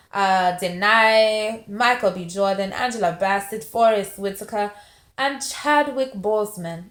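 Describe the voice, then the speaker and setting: In an echoey room, a movie reviewer from Montgomery, Alabama, United States talks through a film for her casual vlog. Her medium-pitched voice puts on a strong, playful accent, drawing out phrases to make a point.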